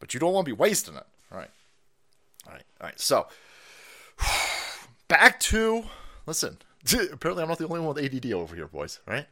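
On a livestream, a man rants about politics in a foul-mouthed, mocking way, swearing nonstop. His voice is on the high side and a bit bright, with big pitch swings and a fairly quick pace.

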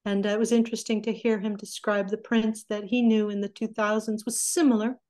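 Mellow-voiced woman in her sixties, storytelling. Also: medium pitch, brisk. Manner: animated, acts out quoted remarks. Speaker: interview guest, recording engineer. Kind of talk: conversational storytelling.

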